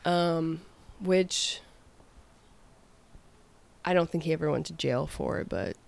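Young woman chef, podcast guest; low, clean voice; frank, wry storyteller who swears freely. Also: slow, gravelly. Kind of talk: casual interview storytelling.

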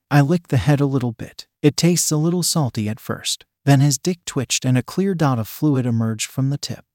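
A man's voice: medium pitch, moderate pace, hardly any pauses, darkish tone, dry recording. Man reading a story, dry sound. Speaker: story reader. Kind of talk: scripted narration.

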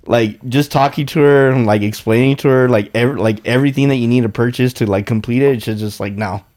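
A man's voice: medium pitch, steady tone, fairly quick, a little mellow. A young adult man hosting a podcast, chatting casually, swearing and laughing often. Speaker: podcast host. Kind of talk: casual chat.

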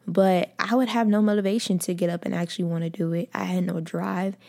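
A woman's voice: on the low side, fairly even intonation, fairly quick, vocal fry, mellow. A young woman hosting a faith podcast, talking casually and earnestly, often calling listeners y'all and repeating phrases for emphasis. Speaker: podcast host.

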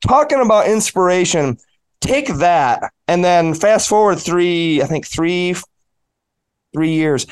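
A man's voice: high voice, lively intonation, slow, smooth. A man in his thirties hosting a casual interview, enthusiastic and admiring toward his guest. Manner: enthusiastic, admiring, laughs often. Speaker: podcast host.

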